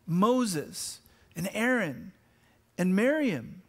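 High-voiced man preaching a lively sermon. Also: measured pace. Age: adult with children. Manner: animated preaching, repeats words, swings between loud exclamations and quiet emphasis. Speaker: pastor.

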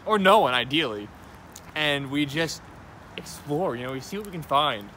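A man outdoors rambling deadpan jokes to his friends in casual banter. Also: a little high, moderate pace, a little hiss or hum. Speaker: friend goofing around on camera.

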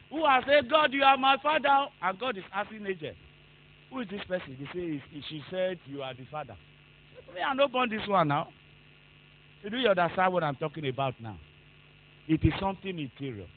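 A man preaching a fervent sermon, moving between hushed asides and loud shouted exhortation. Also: high-pitched, dull audio.

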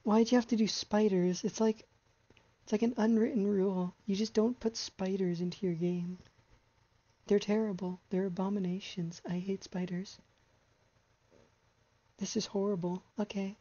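A woman's voice: mid-range voice, steady tone, normal speed, pauses often, mellow, muffled recording. A young woman streamer giving live commentary on a horror game, rambling anxiously and exasperatedly about how much she hates what she sees.

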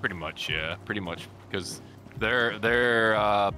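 A man's voice: on the low side, slow, bright, forceful tone, slight background noise. A man hosting a co-op gameplay video, chatting casually and teasing his partner. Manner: teasing, joking banter. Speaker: gaming channel host.

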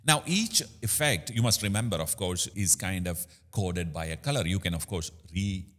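Bright-toned man demonstrating gear. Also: low voice, moderate pace. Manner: explanatory, with many fillers. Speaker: host. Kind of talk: product demo tutorial. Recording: room with long reverb.

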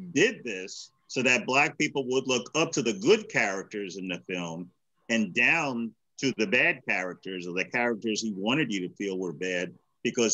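A man's voice: mid-range voice, sharp tone, low-quality recording. A man presenting a discussion series, talking in a thoughtful, hesitant way with restarts over a video call. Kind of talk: casual group discussion.

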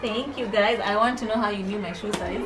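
A young woman vlogging casually as a new mother, giggly and gushing with excitement. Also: mid-range voice, brisk, heavy background noise. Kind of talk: casual vlog chat.

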